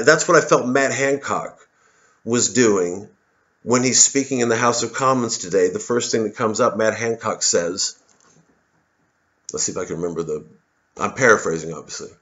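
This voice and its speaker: A man's voice: medium pitch, a bit bright, lo-fi sound. A man in his forties in a casual, rambling monologue, full of swearing and restarts. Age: 40s. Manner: rambling, profane, many restarts. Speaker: comedian vlogger.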